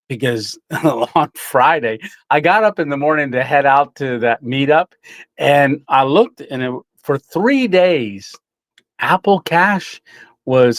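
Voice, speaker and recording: A middle-aged man chats loosely on a livestream, his talk full of "uh"s and easy chuckles. His voice sits at an ordinary pitch. The sound is dry and close, with no room around it. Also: no room sound. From Tennessee, USA. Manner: rambling, chuckling, many fillers. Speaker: livestream host. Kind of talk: casual live chat reading comments.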